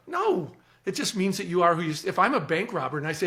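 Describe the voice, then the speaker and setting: A man with a fairly high voice gives an earnest, animated account as a podcast guest. He often repeats words as he starts a thought. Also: fast talker, few pauses. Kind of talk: reflective storytelling.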